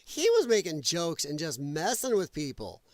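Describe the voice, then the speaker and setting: Animated high-voiced man hosting a livestream. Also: normal speed, no room sound, clean studio sound. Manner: animated, laughing, talks to chat while hunting for clips. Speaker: livestream host. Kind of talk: casual political commentary livestream.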